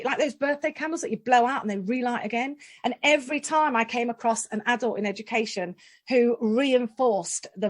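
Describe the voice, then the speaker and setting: A woman in her forties, a guest in an interview, telling lively stories with self-deprecating humour and frequent laughs. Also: a little high. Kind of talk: interview storytelling.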